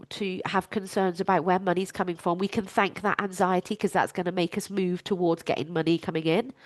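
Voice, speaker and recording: Woman doing a solo coaching podcast, slow and deliberate, blunt with the swearing, dead dry sound. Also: mid-range voice, no room sound. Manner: frank and emphatic, swears freely. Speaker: life coach and podcast host. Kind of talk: candid podcast monologue.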